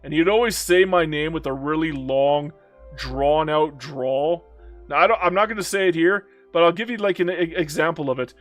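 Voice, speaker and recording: A man's voice: fairly high pitch, normal speed. A young Canadian man commenting playfully on a strategy game, reading chat and mock-scolding the game. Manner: playful, theatrical, talks to the game. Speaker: gaming YouTuber. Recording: faint background music.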